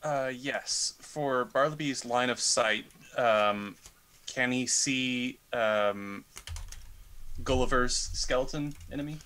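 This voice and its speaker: A man taking part in a tabletop role-playing game, with a bright, forceful voice. He describes his character's actions and drops in wry little asides. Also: medium pitch, slow. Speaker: player.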